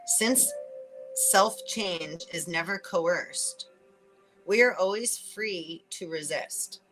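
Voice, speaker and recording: A woman hosting a casual spiritual reading, chatting and laughing between thoughts, swearing casually and slowing down to read card messages aloud. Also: on the low side, over music, poor audio. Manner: reads oracle card messages aloud slowly. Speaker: spiritual reader and channel host.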